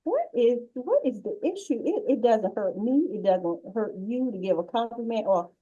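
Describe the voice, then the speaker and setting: A woman on a casual podcast speaks earnestly and encouragingly. Her voice sits a bit high for a woman. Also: animated, moderate pace, mellow, highs cut off. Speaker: podcast co-host. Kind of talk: casual chat.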